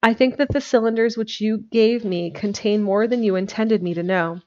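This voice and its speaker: A woman's voice: medium pitch, normal speed, darkish tone, natural voice. A woman voicing an earnest, brave young Victorian wife, speaking in a pleading way over a dull lo-fi recording.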